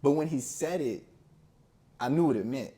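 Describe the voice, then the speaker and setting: Mellow-voiced man telling a personal story. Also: mid-range voice, normal speed. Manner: relaxed, conversational, acts out both sides of a talk. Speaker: podcast guest. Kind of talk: casual storytelling.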